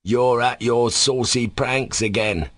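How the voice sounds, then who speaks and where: A man voicing an angry, dim-witted young clerk who repeats himself in a slow, drawn-out way in an audiobook reading. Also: medium pitch, sing-song, no room sound, voice pushed up. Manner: slow, drawn-out, repetitive shouting.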